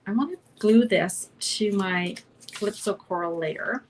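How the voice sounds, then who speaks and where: A woman's voice: medium pitch, measured pace. A middle-aged Canadian woman chatting through a live card-making demo, narrating each step and often asking "right?". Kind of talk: live online crafting demo.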